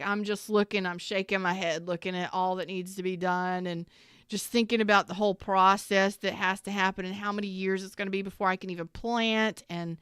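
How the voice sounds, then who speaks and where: Candid, swearing woman with a crisp voice. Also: mid-range voice, fairly bright tone, no echo, studio quality. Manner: candid, swears freely, rambling asides. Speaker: tarot reader. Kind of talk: casual storytelling to viewers.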